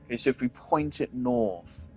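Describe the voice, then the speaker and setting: A man's voice: medium pitch, lively intonation, normal speed, a little mellow. Male gameplay commentator, foul-mouthed and exasperated, with faint game music underneath. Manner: profane, exasperated ranting. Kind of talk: let's play commentary.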